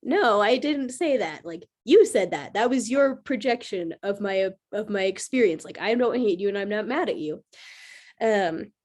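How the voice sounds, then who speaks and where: A woman's voice: medium pitch, expressive, moderate pace, a little mellow. A woman astrologer hosting a casual livestream, chatting in a rambling way with lots of filler words. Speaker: astrologer and host.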